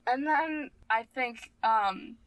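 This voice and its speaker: A woman's voice: on the high side, slow pace, fairly bright tone, no echo, poor audio. A woman playing a tabletop game, asking questions in a hesitant, casual way. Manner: hesitant, asks many questions. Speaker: player.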